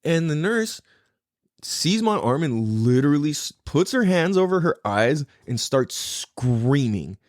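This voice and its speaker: A man in his thirties tells stories on his podcast in a loose, rambling way, cursing freely and circling back when he loses his point. His pitch swings widely as he talks, and the sound is dry and close. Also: very animated, unhurried, no echo. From California. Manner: rambling, swears a lot, loses his thread. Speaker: podcast host. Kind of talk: casual storytelling.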